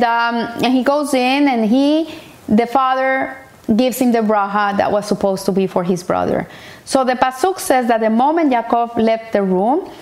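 A woman's voice: high voice, a little mellow. A woman teaching a Torah portion as a story, retelling it earnestly with frequent restarts and Hebrew terms mixed in.

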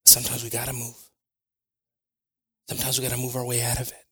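A man preaching a sermon to his congregation, moving between quiet prayer, personal stories told with acted asides, and loud, shouted preaching. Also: mid-range voice, monotone, quick pace, breathy edge. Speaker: pastor.

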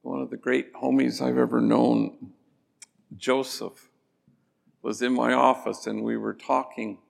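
A man, a priest, telling stories in a gentle, slow sermon-like talk that drops to soft endings. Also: mid-range voice, level tone, creaky. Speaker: priest and speaker. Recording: long reverb of a large hall.

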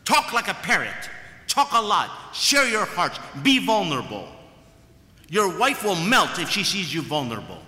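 Bright, lively-voiced preaching man. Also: on the high side. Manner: emphatic preaching with repeated phrases. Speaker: priest. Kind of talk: sermon. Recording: echoey hall with long reverb.

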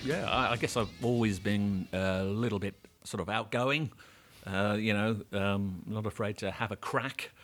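A middle-aged man with an English accent, chatting casually as an interview guest, halting with many restarts and casual swearing. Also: fairly low pitch, over music. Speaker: actor and guest.

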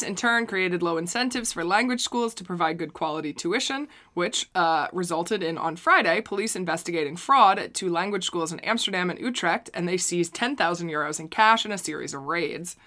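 A woman's voice: fairly low pitch, pushed and bright. A woman from the United States with an American accent, co-presenting news, casual with frequent fillers and wry asides. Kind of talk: news reading and casual chat.

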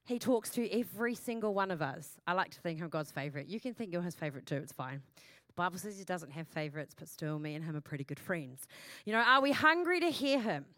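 A woman pastor preaching a sermon in a lively, chatty way, with self-mocking asides and repeated questions to the congregation. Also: medium pitch, no room sound.

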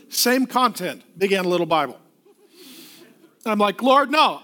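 A middle-aged male pastor with a very high voice preaches a sermon, telling a funny personal story in an animated, self-deprecating manner.

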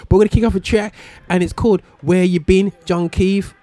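A man's voice: high voice, steady tone, quick pace, hardly any pauses, warm tone. A man hosting a radio show, chatting casually in a rambling, slangy way and digressing often. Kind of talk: casual chat. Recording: music playing underneath.

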